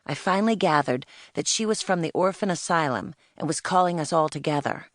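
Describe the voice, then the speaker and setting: A woman's voice: low voice, fairly quick, no room sound, clean studio sound. A woman narrating a children's audiobook in first person, telling it in the plain-spoken voice of a spirited young girl.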